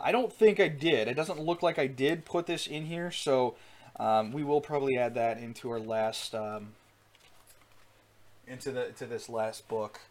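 An earnest male preacher teaching a sermon in a somewhat high voice. He builds to loud, emphatic peaks and often restarts his phrases with fillers.

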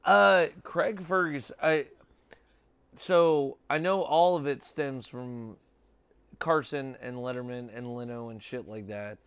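A man's voice: mid-range voice, takes it slowly, a bit bright, clear, resonant tone, no echo. A man in his thirties hosting a podcast, rambling casually with lots of filler and swearing. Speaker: podcast host. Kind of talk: casual chat.

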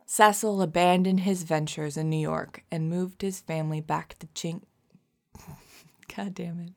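A woman's voice: lowish voice, fairly even intonation, measured pace, gravelly, darkish tone. Laughing, self-mocking woman voice actor. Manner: laughs easily, self-deprecating, swears at her own slips. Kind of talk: recording-session chat and retakes.

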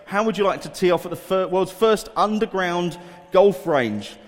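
A man's voice: high-pitched, normal speed. A man leading a quiz for children in a school hall, coaxing volunteers and reading headlines aloud in an upbeat way. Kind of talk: addressing a room of children. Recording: echoey hall reverb.

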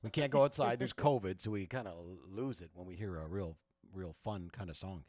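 A man's voice: low voice, a little fast, a little mellow. A man hosting a singing contest from a studio, chatty and laughing at his own jokes. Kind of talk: playful show hosting.

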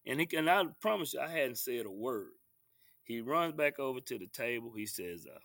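A man, a basketball coach telling animated stories as an interview guest and acting out the referees. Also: medium pitch, a little fast, creaky, dry recording, studio quality. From Texas. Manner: lively storyteller acting out referees and himself. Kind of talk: animated storytelling.

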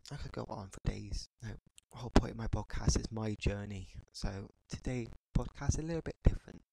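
A man in his thirties hosting a podcast, ranting in a frustrated, halting way and often pausing on "you know". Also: lowish voice, vocal fry, very noisy. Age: 30s. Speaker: podcast host. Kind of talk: podcast rant monologue.

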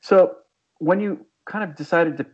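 A man's voice: high-pitched, normal speed, darkish tone, slightly rough. A man interviewing a guest, asking loose questions full of fillers. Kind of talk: conversational interview. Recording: dull lo-fi sound.

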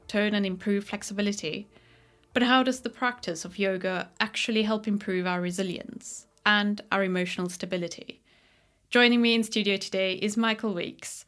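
Woman hosting a podcast in a studio, upbeat, reads her intro then chats. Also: mid-range voice. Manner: upbeat, laughs easily. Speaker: podcast host. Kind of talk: scripted intro then casual interview.

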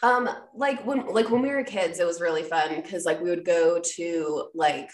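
A woman's voice: lowish voice, normal speed, recorded from a distance. A young woman co-hosting a podcast, talking bluntly and rambling with lots of "like", laughing now and then. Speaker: podcast co-host. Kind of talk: casual book-club chat. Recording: echoey room, off-mic.

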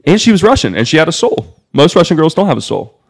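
A man's voice: on the high side, fast, vocal fry, husky. A young man, a podcast guest, telling casual stories full of "like" and swearing. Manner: loose and animated, heavy on "like" fillers and swearing. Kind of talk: casual storytelling.

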